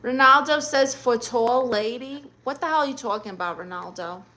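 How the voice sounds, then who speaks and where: A woman's voice: a little high, normal speed, sharp tone. A young adult woman hosting a livestream, reading chat messages aloud and answering with sassy, teasing comebacks.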